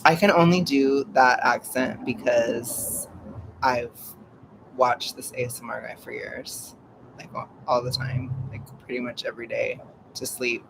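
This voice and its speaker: A man's voice: medium pitch, steady tone, unhurried, gravelly, background noise. A young man rambling casually at home in a live-stream vlog, laughing often and making fun of himself. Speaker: vlogger.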